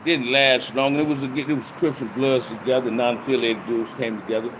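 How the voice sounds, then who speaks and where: An older man telling stories from his past in casual street slang, and he gets animated when he reenacts fights. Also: medium pitch, a little fast, noisy background. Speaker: storyteller recounting prison life. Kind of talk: casual storytelling monologue.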